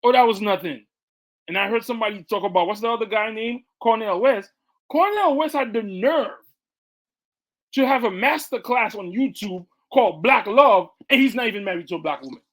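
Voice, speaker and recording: A man's voice: sits high, lively intonation, fairly quick, a bit bright. A man co-hosting a casual podcast, speaking with emphasis and repeating words as he builds his point. His delivery is loose, conversational and insistent. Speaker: podcast co-host. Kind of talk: casual commentary.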